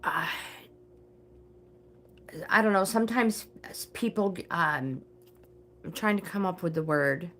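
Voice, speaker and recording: An older woman hosting a casual live stream, reading oracle cards to viewers and often pausing to search for words. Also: fairly low pitch, expressive, a bit bright, slight background noise. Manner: hesitant, searching for words, many fillers.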